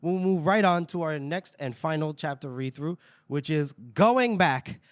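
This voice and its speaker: A man's voice: a little high, measured pace, no room sound, studio quality. A man co-hosting a book podcast, recapping chapters in a casual, rambling way full of "you know" and "like". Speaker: podcast co-host.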